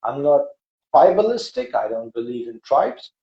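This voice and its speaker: A man hosting a podcast, retelling a spiritual parable with dramatic, preacher-like swells and hushes, emotional. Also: medium pitch, sing-song, moderate pace. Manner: emotional, voice breaking. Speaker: podcast host. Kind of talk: emotional storytelling conversation. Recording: echoey, dull lo-fi room.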